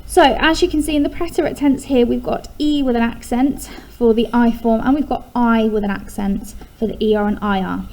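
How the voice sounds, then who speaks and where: A woman's voice: on the high side, fairly even intonation, fairly quick, few pauses, a little mellow, rough recording. An English woman teaching a recorded lesson, explaining patiently step by step and stressing key syllables.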